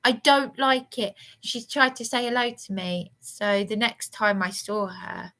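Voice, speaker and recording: A woman's voice: medium pitch, steady tone, a little slow, fairly bright tone. A woman giving a rambling, aggrieved vlog monologue with emphatic outbursts. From England. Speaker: vlogger.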